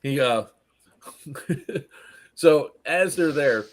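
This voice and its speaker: A man recounting an airsoft-style event to friends in casual chat, laughing often and acting out what the players yelled. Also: on the high side, drawn-out words. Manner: laughing storyteller, acts out players' lines. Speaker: event organizer recapping a game. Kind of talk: casual group chat recap.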